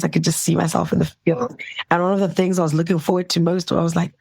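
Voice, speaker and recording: Reflecting on her path, a young South African doctor speaks from home in an interview, warm and laughing often while quoting people with animation. Her fairly low voice is creaky, and the recording is dry.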